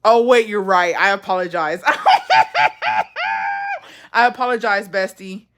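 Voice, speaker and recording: A woman's voice: mid-range voice, fairly quick, fairly bright tone. Blunt, profane woman streamer. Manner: profane and blunt, drops Spanish phrases; sassy, repetitive explaining. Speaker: livestream host answering viewer questions. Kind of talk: casual livestream chat. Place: lives in Mexico.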